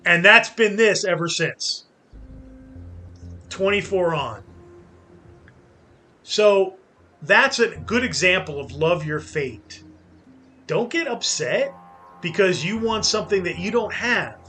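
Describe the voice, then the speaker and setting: A man's voice: high voice, animated, slow, long pauses, pushed and bright, faint music behind. A man hosting a gaming channel, talking casually and philosophically in rambling anecdotes over gameplay.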